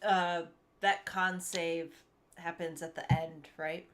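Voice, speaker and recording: A woman playing in a tabletop game, excited and chatty. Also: lowish voice, takes it slowly. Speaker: player.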